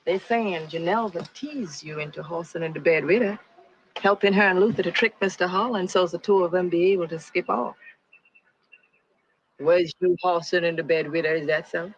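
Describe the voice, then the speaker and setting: A woman's voice: lowish voice, moderate pace, dull audio, slight background noise, lightly acted. An actress playing a proud, stern enslaved woman in a film, speaking in an indignant, scolding way.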